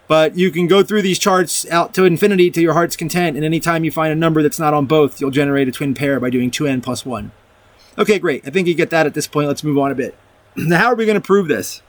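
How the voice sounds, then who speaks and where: A man's voice: on the high side, quick pace, dry recording. A man casually talking viewers through a math proof. He restarts his sentences and mixes reading from a document with loose comments. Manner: rambling, restarts often, reads from a document and comments. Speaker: math video presenter. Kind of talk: casual explanatory math lecture.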